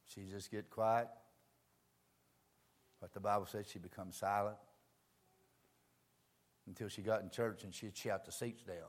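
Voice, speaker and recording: An older man preaching a sermon, telling folksy stories, dropping to quiet asides and rising to shouts. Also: lowish voice, measured pace, pauses often.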